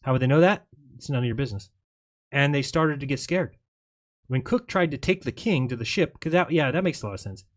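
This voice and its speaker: A man's voice: medium pitch, expressive, brisk. A man hosting a livestream, giving sarcastic, mocking commentary over a video clip and reading comments aloud. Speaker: livestream host.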